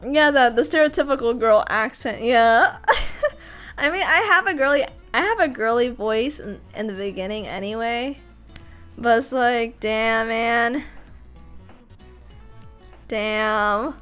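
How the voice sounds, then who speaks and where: A high-pitched voice actor and streamer chats casually on a livestream about her voice acting work, animated, laughing often, and restarting sentences mid-thought. She speaks slowly with frequent pauses in a clear, resonant tone, while soft music plays faintly in the background.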